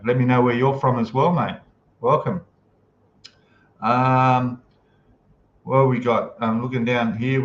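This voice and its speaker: A man hosting a casual live stream, chatting easily and greeting viewers as he reads out their comments. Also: mid-range voice. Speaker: livestream host. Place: home room, in Thailand. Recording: echoey room, dull lo-fi sound, faint noise.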